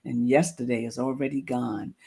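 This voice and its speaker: A woman's voice: rumbling low, fairly even intonation, normal speed, vocal fry, warm tone, husky. A woman hosting a streamed talk show, reflective and encouraging, with loose, easy phrasing. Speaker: show host.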